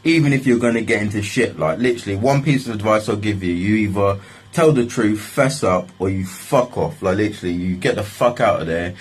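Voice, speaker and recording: A man's voice: on the low side, fairly quick, slightly rough, rough recording. A young man telling a story in a casual, rambling way, swearing often and leaning on filler phrases. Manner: swearing, rambling, repeats "like, literally".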